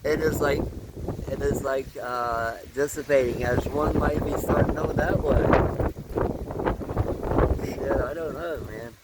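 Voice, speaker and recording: Man, filming a storm outdoors, phone mic, shouting and praying, loud wind noise on the mic. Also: medium pitch, a little slow, pauses often. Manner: excited shouting, cursing, desperate praying. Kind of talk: storm-chasing phone video.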